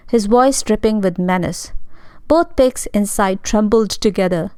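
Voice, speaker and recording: A woman narrating a storybook tale in an expressive, dramatic way. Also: medium pitch, a little slow, clean tone, dry recording.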